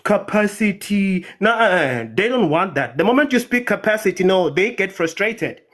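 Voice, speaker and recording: A man's voice: high-pitched, expressive, normal speed, fairly bright tone. A man from Nigeria ranting passionately in a heated live audio-room debate, repeating words for emphasis. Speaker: debate participant.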